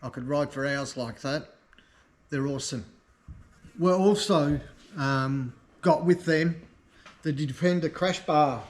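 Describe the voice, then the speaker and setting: A man's voice: on the high side, slow, pauses often. Easygoing man showing off parts. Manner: enthusiastic, easygoing, talks like a salesman. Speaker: custom motorcycle parts shop host. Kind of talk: casual product showcase vlog.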